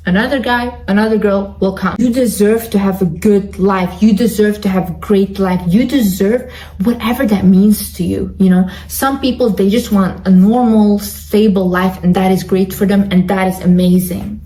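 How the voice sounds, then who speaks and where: A woman's voice: mid-range voice, fairly even intonation, moderate pace, mellow, roomy sound, rough recording. A woman talking straight to her viewers in a motivational monologue, direct and emphatic, repeating lines for stress. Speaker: online self-help creator.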